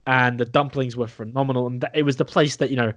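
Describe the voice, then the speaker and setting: A man's voice: mid-range voice, fairly even intonation, fast, no echo. A young man co-hosting a podcast, chatting over beers, enthusing about food with restarts and the odd swear. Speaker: podcast co-host. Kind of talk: casual chat over beers.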